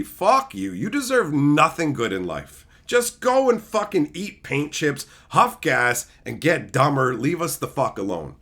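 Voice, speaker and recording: Profane, animated male streamer ranting. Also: mid-range voice, a little slow, hardly any pauses. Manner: profane, insulting, heated.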